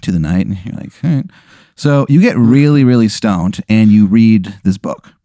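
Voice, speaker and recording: A man hosting a podcast, spinning an improvised comic story in a loose, animated way, full of "like" and swearing. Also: on the low side, normal speed, no room sound, studio quality. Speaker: podcast host.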